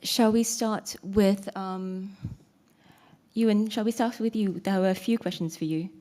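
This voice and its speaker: A woman's voice: mid-range voice, fairly even intonation, a little slow, warm tone. Woman moderator, short polite cues. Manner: brief and polite. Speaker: session chair. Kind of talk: moderating a panel.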